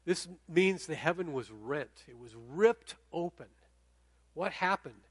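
A man's voice: on the high side, expressive, takes it slowly, dry recording. Conversational man preaching a sermon. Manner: conversational, checks in with the audience. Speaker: pastor.

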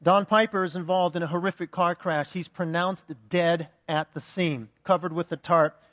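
A man pastor giving a conversational sermon, telling a joke, praying softly, and speaking to the congregation. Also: high voice, steady tone, normal speed, in a large hall. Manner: conversational, fillers, soft in prayer.

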